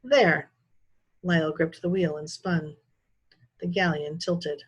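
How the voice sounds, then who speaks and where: A teacher reads a children's novel aloud in a steady, expressive storytelling voice. Her voice is somewhat husky, and she keeps an even pace through the action. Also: deep voice, measured pace.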